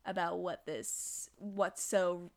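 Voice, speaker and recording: A woman's voice: lowish voice, fairly even intonation, slow pace, vocal fry. Chatty young woman podcast co-host. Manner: chatty, teasing, explains to listeners. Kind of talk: casual anime review chat.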